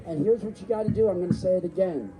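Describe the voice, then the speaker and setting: A man giving an impassioned, rousing speech from an outdoor festival stage, shouting out to the crowd. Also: sits high, fast, music in the background. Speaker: festival speaker. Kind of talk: rally speech.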